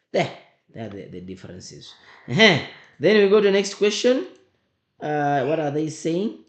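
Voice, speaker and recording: A man's voice: medium pitch, creaky. A man, a teacher talking students through an exam memo, emphatic, repeating his points and firing rhetorical questions at them. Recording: roomy echo.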